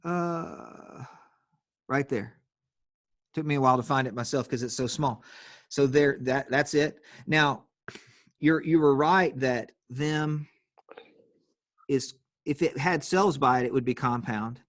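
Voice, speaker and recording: A man's voice: medium pitch, slow, long pauses, a bit bright, no room sound, clean studio sound. A man teaching an online grammar class on a video call, explaining patiently step by step and calling on students.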